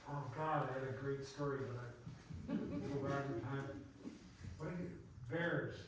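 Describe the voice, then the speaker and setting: Unhurried and medium-pitched, an older man who is a botanist guest speaker tells loose, wandering stories full of asides and laughter at a public talk. There is noticeable background noise, and the distant mic captures an echoey room.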